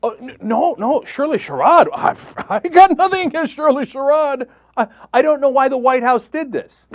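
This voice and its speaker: Man playing a high, whiny, flustered man, stammering denials, mocking impression. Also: lively intonation, a little fast, a little mellow, no echo. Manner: high squeaky stammering whine. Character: panicky flustered man feigning innocence.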